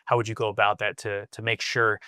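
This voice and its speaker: A man's voice: fairly low pitch, level tone, brisk, pushed and bright, clear, resonant tone, dry recording, studio quality. A man co-hosting a podcast who asks long, thoughtful questions. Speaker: podcast co-host. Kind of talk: casual podcast conversation.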